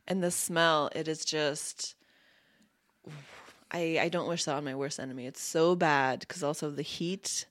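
A woman's voice: low-pitched, fairly even intonation, unhurried, a bit bright, no room sound, clean studio sound. A woman guest on a casual podcast chat, laughing often and restarting her sentences as she tells stories. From United States.

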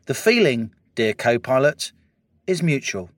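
A man's voice: mid-range voice, sing-song, unhurried, dry recording, clean studio sound. A British man co-hosting a political podcast, delivering a wry, rhetorical opening and then chatting. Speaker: podcast co-host.

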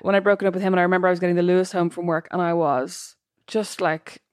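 A woman's voice: fairly low pitch, fairly even intonation, fast talker, darkish tone, dry recording, studio quality. A woman co-hosting a casual chat, talking in a thoughtful, reflective way with plenty of fillers. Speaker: podcast co-host.

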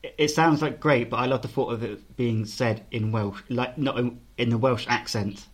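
A man's voice: medium pitch, steady tone, normal speed, husky. A man co-hosting a podcast in casual chat, teasing his co-host and reading out band news with crude jokes mixed in.

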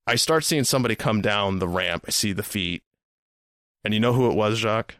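A man's voice: on the low side, brisk, a bit bright, dry recording, clean studio sound. A man hosting a podcast, telling a story in a rambling, casual way, repeating words and swearing now and then. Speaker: podcast host.

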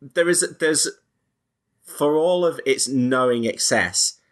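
A man chatting casually about a movie, animated and stumbling over restarts as he acts out lines. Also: medium pitch, takes it slowly. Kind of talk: casual podcast film discussion.

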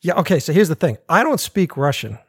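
An American man, a filmmaker, chatting casually on a podcast, animated, swearing often and laughing. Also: on the high side, a little fast, slightly rough, dry recording, studio quality. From United States. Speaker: filmmaker guest.

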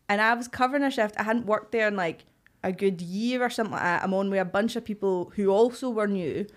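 A woman's voice: mid-range voice, fairly quick. A woman from Glasgow with a Glaswegian Scottish accent, a podcast guest chatting casually and acting out the people in her stories. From Glasgow, Scotland. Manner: animated storytelling, acts out quoted voices. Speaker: podcast guest, actor and writer. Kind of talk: casual chat.

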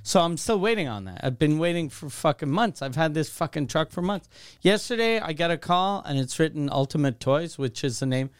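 A man's voice: fairly high pitch, fairly quick, clear, resonant tone, no room sound, studio quality. Profane storytelling man from Canada. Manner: profane, animated storytelling, acts out quoted calls. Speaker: podcast co-host. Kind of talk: casual chat, storytelling.

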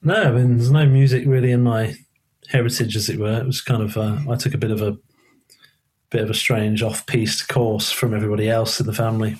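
This man's voice is lowish and darkish with a breathy edge, and his delivery is flat and brisk. He's a guest musician from England, born in Liverpool and raised in London, whose Southern English accent keeps faint Liverpool traces as he tells stories in casual conversation and swears occasionally.

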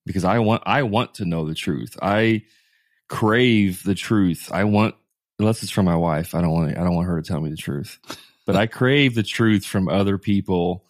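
Deep-voiced male co-host coaching contractors, blunt and emphatic, hammers his points home. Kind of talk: casual podcast conversation.

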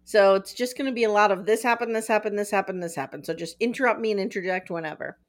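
A woman's voice: mid-range voice, fast talker. A woman hosting a TV recap podcast, chatting casually and sarcastically with plenty of "like" fillers. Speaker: podcast host.

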